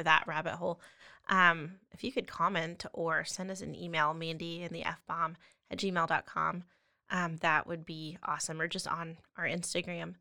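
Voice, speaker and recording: A woman's voice: fairly low pitch, creaky, sharp tone. A woman hosting a podcast, chatting casually and affirming her guest. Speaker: podcast host. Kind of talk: casual interview chat.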